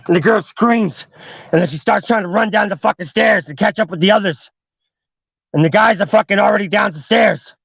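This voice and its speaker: Host, male, high-ish gravelly voice, profane casual horror storyteller, dull dry livestream audio. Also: fairly bright tone, no room sound. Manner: heavy swearing, fillers like "like". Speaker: podcast host.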